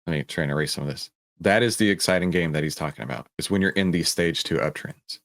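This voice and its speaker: A man's voice: low voice, quick pace, fairly bright tone. A man hosting a stock market commentary show, reacting to a clip and explaining a chart, emphatic and checking in with "right?" and "okay?". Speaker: host.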